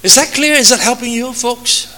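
Pastor, man, 50s or older; high, bright voice; earnest sermon delivery with heavy repetition. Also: normal speed. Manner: earnest, repetitive emphatic phrasing, addresses listeners as folks.

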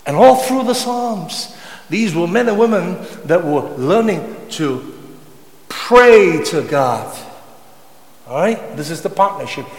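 A man preaching a sermon with passion, sometimes rising to loud cries. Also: on the high side, vocal fry. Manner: impassioned, rising to shouts when voicing psalm cries. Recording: echoey hall with long reverb.

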